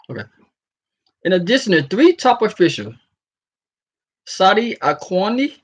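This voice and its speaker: A man's voice: on the high side, highs cut off. A man talking in a casual, freestyling vlog commentary and reading an article aloud, stumbling over some words. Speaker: vlogger.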